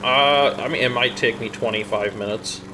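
A man co-hosting a let's play in casual chat, excitable and given to swearing when something annoys him. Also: mid-range voice, normal speed, noisy background.

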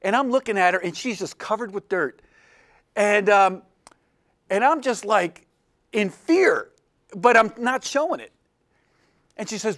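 This man teaches illustration and is sharing a personal anecdote with his class, voicing the people in it and playing himself for laughs with plenty of animation. His pitch sits high, and he keeps a measured pace with frequent pauses.

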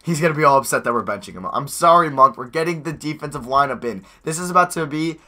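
A young man giving nervous, excitable live commentary over a basketball video game, talking to his players on screen, his voice going hoarse. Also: on the high side, fast. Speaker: gaming YouTuber.

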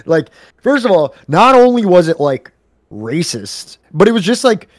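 A man's voice: high-pitched, big pitch swings, moderate pace, no echo, studio quality. A man co-hosting a reading stream, chatting casually with lots of fillers and restarts. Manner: rambling, many fillers and restarts. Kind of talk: casual chat.

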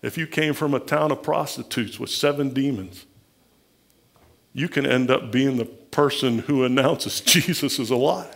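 A Midwestern American pastor delivers a sermon in a chatty, conversational way. His voice has a gravelly edge and sits at a middling pitch. He slips into the voices of the people he quotes. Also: measured pace, fairly bright tone.

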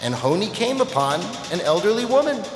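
A man's voice: sits high, a little fast. A man telling a children's story at a temple service, playful and speaking to the audience. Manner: lively, playful, addresses the audience. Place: temple sanctuary. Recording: echoey hall with long reverb.

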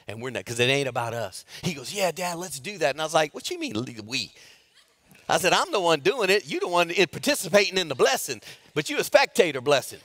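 A middle-aged man preaching a sermon as pastor, telling stories in a folksy way and swinging from loud to hushed. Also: a little high, sing-song, fast talker, no room sound.

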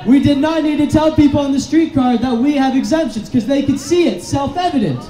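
A man addresses a street protest, his voice pitched very high yet soft and mellow in tone. He declaims in repeated slogans and often rises to a shout. The sound carries a roomy echo from the open street. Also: fairly quick. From Canada. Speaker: rally speaker. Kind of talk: impassioned outdoor rally speech. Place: street protest outdoors in the rain.

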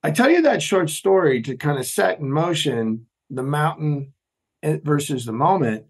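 Male podcast guest, lively storyteller, voice sits a touch high. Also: measured pace, slightly rough. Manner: animated storyteller, acts out quoted voices. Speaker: podcast guest, former Navy SEAL. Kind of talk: storytelling interview talk.

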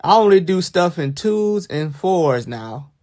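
A young man, talking casually and teasingly to viewers on a livestream. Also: high-pitched. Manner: teasing, animated, drawn-out bursts of mock alarm. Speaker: livestream host.

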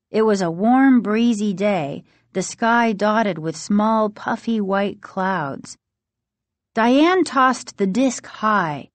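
A woman narrating a children's horror storybook in an expressive reading. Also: medium pitch, no echo. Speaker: audiobook narrator.

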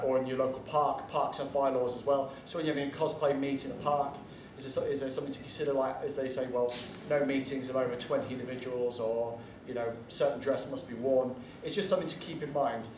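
A man talks through an informal convention panel in a blunt, rambling way, dropping the occasional swear. He sits some way off the microphone, so his mid-pitched voice comes through roomy, with a faint hum of ambience behind it. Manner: chatty, blunt, digressive, swears casually. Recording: echoey room from far off, faint ambience.

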